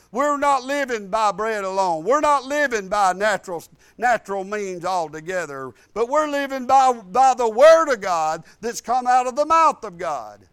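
Older male preacher, high clear voice, folksy humorous storyteller. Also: a bit bright, dry recording. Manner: folksy, humorous, drops to low asides. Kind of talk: sermon with personal storytelling.

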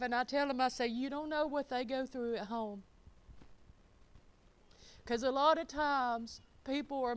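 Her voice on the high side and her tone clean, a middle-aged woman delivers a sermon with folksy emphasis. She alternates booming proclamations with soft, laughing side comments.

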